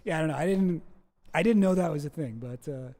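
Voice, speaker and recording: High mellow guy streaming, chatty, laughs a lot while telling stories. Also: quick pace. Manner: laughing, playful storytelling with quoted voices. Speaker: streamer host. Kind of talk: casual chat.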